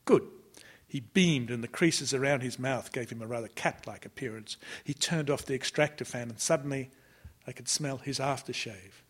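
A man narrating a literary novel in the first person, measured and often sinking to a hush. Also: medium pitch, slightly rough. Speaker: audiobook narrator.

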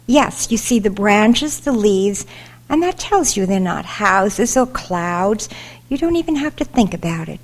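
A woman's voice: mid-range voice, big pitch swings, unhurried. A woman doing a twangy, kindly teacher. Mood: encouraging.

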